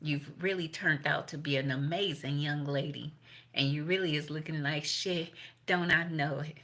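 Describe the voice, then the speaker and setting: A woman's voice: low-pitched, fairly even intonation, normal speed, a bit bright. A woman doing a casual tarot reading, blunt and profane, laughing between points. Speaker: tarot reader.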